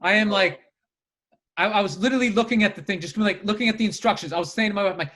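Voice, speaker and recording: A man co-hosts a casual podcast, his voice pitched high and bright. He tells stories with animated energy, swears freely and slips into the voices of the people in them. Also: quick pace. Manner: animated storyteller, swears a lot, acts out voices. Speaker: podcast co-host. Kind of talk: casual chat.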